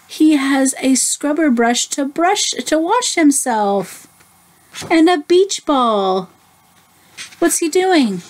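A woman teacher reading a picture book aloud to children, gently stopping to ask them questions. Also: medium pitch. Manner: slow, gentle, asks the listeners questions. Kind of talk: children's story read-aloud.

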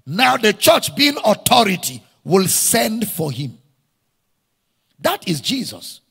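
A man's voice: sits high, very animated, slow pace, gravelly, bright, forceful tone, breathy edge. A man with a Nigerian accent, preaching a sermon to a congregation, leading call-and-response and repeating key phrases for emphasis. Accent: Nigerian English. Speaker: pastor. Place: church hall. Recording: reverberant church hall.

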